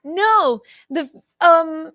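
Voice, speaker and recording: A high-pitched young woman in casual talk-show chat. She rambles with fillers and laughs easily. The sound is dry and close. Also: expressive, slow, sharp tone, dry recording. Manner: chatty, laughs often, many fillers. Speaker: co-host.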